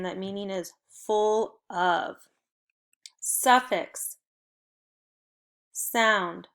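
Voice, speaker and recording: A young adult woman teaches children in a recorded phonics lesson, giving upbeat, encouraging prompts at a clear pace. Her voice is mid-range.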